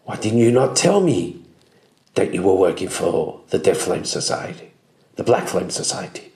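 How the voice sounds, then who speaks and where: A man's voice: low voice, very animated, normal speed, vocal fry, a little mellow, full character voice. A man voicing a wary male adventurer who confronts a companion in a tabletop game. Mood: accusing. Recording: roomy echo.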